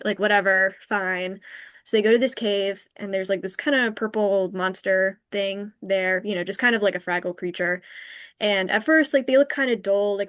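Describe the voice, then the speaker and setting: A woman hosting a podcast, recapping an episode in casual chat, full of likes and ums. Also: medium pitch. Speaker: podcast host.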